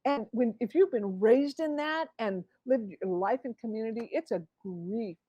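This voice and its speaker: A woman's voice: a little high, moderate pace, breathy edge, dry recording, dull audio. A woman author as a guest in a conversational interview, acting out inner voices as she explains. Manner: animated, acts out inner voices.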